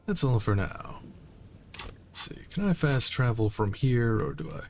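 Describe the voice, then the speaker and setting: A man streams a game and reads its dialogue and text aloud with a relaxed delivery. He speaks slowly into a streaming mic and drops in casual asides between the lines. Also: mid-range voice, creaky, a little hiss or hum. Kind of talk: reading game text aloud while playing.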